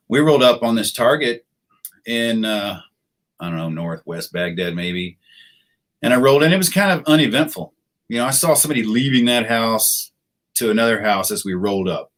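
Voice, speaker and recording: A middle-aged American man, a retired soldier and podcast guest, telling war stories in a relaxed, anecdotal way. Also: mid-range voice, fairly quick. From United States. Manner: laid-back, anecdotal, acts out quoted voices. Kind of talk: casual storytelling interview.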